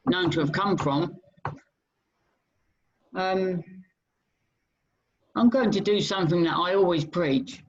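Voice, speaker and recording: A British man co-hosting a casual chat show, hesitant, with many pauses and repeated words. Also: fairly high pitch, husky. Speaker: co-host. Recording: dull lo-fi sound.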